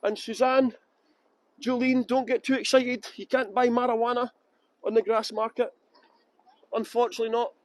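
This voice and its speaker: A man with a high voice leads a live walking tour through the streets. He talks into a handheld phone, laughs often and chats with viewers as he goes. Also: little pitch movement, moderate pace, long pauses, no room sound, low-quality recording. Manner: chatty, jokey, laughs often, answers viewer comments. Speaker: tour guide. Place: outdoors on city streets.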